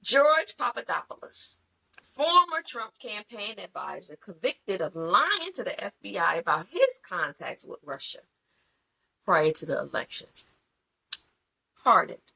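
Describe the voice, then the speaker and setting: A woman co-hosting a podcast in casual chat, talking bluntly and profanely with animated storytelling. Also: medium pitch, measured pace, vocal fry, breathy edge, poor audio. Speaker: podcast co-host.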